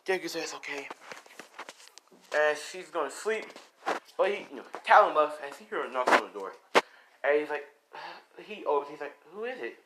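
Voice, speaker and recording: A man's voice: fairly high pitch, normal speed, very noisy. A man narrating an improvised fan story in a rambling, self-correcting way, with casual swearing.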